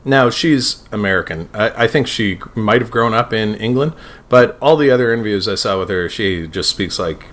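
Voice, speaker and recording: A man's voice: lowish voice, expressive, normal speed, fairly bright tone. A man co-hosting a podcast in casual chat, rambling, swearing and laughing often. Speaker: podcast co-host.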